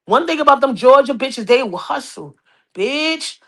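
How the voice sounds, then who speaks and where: A woman's voice: high-pitched, animated, moderate pace, fairly bright tone. A woman with a New York accent hosting a podcast, dishing celebrity gossip in brash, profane, mocking casual chat. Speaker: podcast host.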